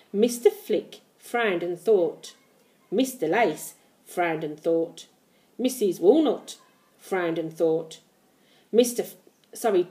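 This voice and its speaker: A woman reading a children's book aloud with lively storytelling. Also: lowish voice. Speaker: reader.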